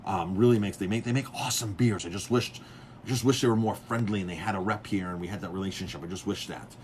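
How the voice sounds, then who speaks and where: A chef and restaurant owner chats casually, telling rambling stories about beer packed with fillers and restarts, animatedly acting out other people's lines. His voice is fairly low-pitched and fast, with a little hiss or hum in the recording.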